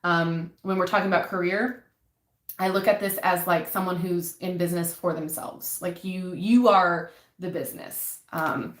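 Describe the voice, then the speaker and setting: Woman, tarot reader, low-pitched, hesitant and soft, casual live reading, echoey room. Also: steady tone, moderate pace. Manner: soft-spoken, hesitant, frequent ums, gets emotional.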